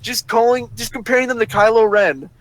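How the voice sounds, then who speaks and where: Man with a high-pitched voice, venting a foul-mouthed, exasperated rant into a voice chat mic. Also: a little fast, a bit bright, low-quality recording. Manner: profane, exasperated ranting. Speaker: voice chat participant. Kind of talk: ranting story on a voice call. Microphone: voice chat microphone.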